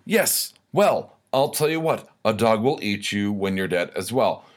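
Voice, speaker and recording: Slow, low-voiced man ranting profanely. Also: expressive. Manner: profane, sarcastic, rambling. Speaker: host of a weekly rant segment. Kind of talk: comedic rant monologue.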